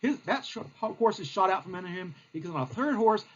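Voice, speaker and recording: A male history teacher telling a lesson as a playful, animated story, with lots of fillers. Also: high-pitched, fast, slightly rough, dull audio.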